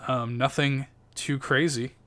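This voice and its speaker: A man's voice: mid-range voice, flat delivery, unhurried, fairly bright tone. A man narrating a tabletop role-playing game as game master, in a loose, chatty way full of fillers.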